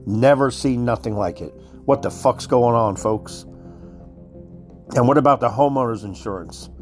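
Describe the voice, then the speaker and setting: A man's voice: mid-range voice, normal speed, darkish tone, soft background music. A man giving a heated, profane monologue, worked up and repeating himself as he speaks to his listeners. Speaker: commentator. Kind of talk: profane conspiracy rant.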